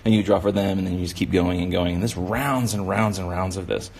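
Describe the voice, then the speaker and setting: A man's voice: low voice, fairly even intonation, fairly quick, a little mellow, slightly rough. A man running a casual drawing demonstration for kids, rambling and encouraging, with lots of filler words. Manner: rambling, encouraging, full of "you know" fillers. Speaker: kids' drawing instructor.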